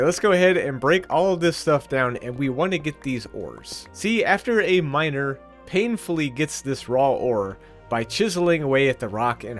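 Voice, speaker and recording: A man's voice: mid-range voice, fairly bright tone. A man narrating his Minecraft let's play in an earnest, chatty, rambling way. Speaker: gaming YouTuber.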